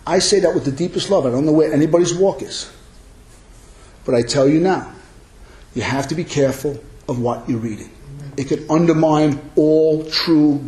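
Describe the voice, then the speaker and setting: A male pastor delivers a sermon in a fairly high voice, earnest and emphatic. His words ring out in a roomy, echoing church. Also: darkish tone.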